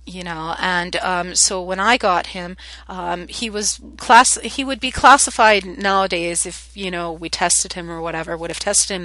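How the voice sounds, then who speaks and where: Chatty, bright-voiced woman meditation host. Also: lowish voice, dry recording, low-quality recording. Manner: chatty, full of "um" and "you know"; soft, earnest and loving. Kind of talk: casual spiritual talk to an online group.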